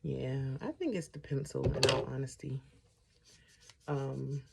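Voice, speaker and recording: A woman's voice: rumbling low, fairly even intonation, a little slow, gravelly, very noisy. A woman vlogger chatting through a casual storytime while doing her makeup, getting sidetracked and animatedly retelling what people said.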